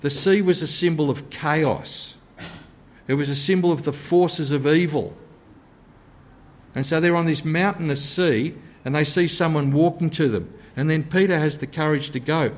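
A man preaching a sermon in an earnest way, sometimes dropping to a soft, low voice to stress a point. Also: normal speed.

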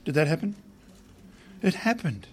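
Man, preacher, conversational sermon, questions to listeners, fairly high voice. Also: sing-song, measured pace, slight background noise.

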